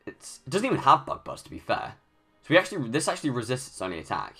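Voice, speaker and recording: A young man commenting live on his own gameplay with a lively, swooping delivery. His voice is bright and forceful. He talks his moves through aloud, stumbling and restarting, and rants in frustration. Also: mid-range voice, fast talker, breathy edge, soft background music. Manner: thinks aloud, restarts often, rants when annoyed. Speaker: gaming YouTuber.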